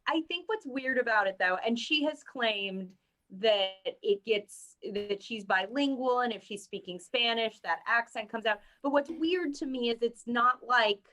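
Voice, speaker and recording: A woman's voice: on the high side, measured pace, sharp tone. Amused woman co-hosting a chat. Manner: amused, laughing often. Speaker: podcast co-host. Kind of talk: casual chat, reading news aloud.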